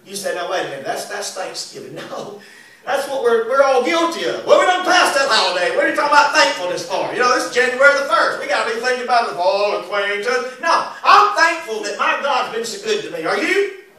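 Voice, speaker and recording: Man, evangelist preaching, folksy, high voice, heavy church echo. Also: fairly quick. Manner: folksy, animated, laughing asides. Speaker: evangelist and singer. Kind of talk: lively sermon with congregation call and response. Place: church sanctuary. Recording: echoey church recorded from a distance.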